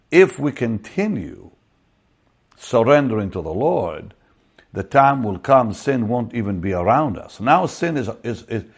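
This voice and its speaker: A man's voice: fairly low pitch, gravelly, darkish tone, slightly rough. A man preaching an online Bible teaching, quoting scripture and talking in a conversational way with frequent restarts.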